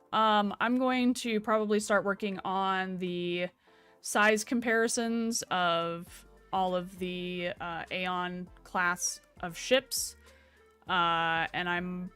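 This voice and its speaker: A woman's voice: medium pitch, steady tone, slow, a bit bright, smooth, faint music behind. A young woman streamer chatting casually from home at her computer, rambling and swearing a little as she wraps up. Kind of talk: casual stream sign-off chat.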